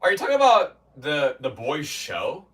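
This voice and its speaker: Male streamer, high-ish lively voice, rambling casual chat, recorded from back off the mic. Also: normal speed, distant mic. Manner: rambling, restarts, mock-quotes chatters. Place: home gym in a basement.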